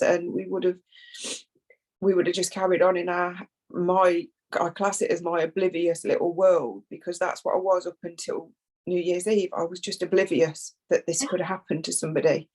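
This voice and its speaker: A woman, a bereaved mother, speaking through tears in a halting, emotional conversation, often repeating words. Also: fairly low pitch, darkish tone, rough recording. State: tearful. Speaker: foundation founder, bereaved mother.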